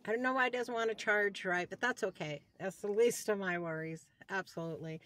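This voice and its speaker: A woman's voice: medium pitch, a little fast, fairly bright tone, no echo. A woman in her sixties talking to her followers in a heartfelt, rambling way. She often repeats herself and keeps thanking God between thoughts. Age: 60s. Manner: openly devout, praising God between thoughts. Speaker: vlogger giving a personal health update. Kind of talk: casual talk to camera. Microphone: phone.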